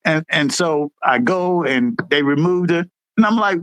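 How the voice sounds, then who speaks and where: Lively high-voiced man telling a story. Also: a little slow, dry recording, poor audio. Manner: animated, jumps high when acting out quotes. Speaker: veteran guest, former Air Force supervisor. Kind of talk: casual storytelling.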